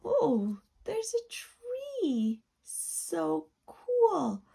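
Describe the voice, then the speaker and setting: A woman hosting a children's video, narrating playfully with gasps and wide-eyed excitement to a young viewer. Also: very high-pitched, very slow, vocal fry. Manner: gasping, wide-eyed excitement, drops to a soft whisper at times. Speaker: children's educational video host.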